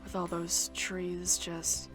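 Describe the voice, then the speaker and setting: A woman's voice: on the low side, monotone, slow, over music, pitched below the performer's own voice. A woman reading the inner narration of an aloof, watchful young man in a game, in a dry, subdued tone.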